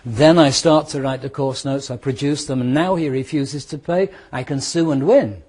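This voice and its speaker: A British man lectures a classroom of students on law. His voice is husky and sits slightly high. He works through examples and repeats points, varying his pace for emphasis. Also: a little mellow. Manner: explains with worked examples, repeats points, speeds up and slows down for emphasis.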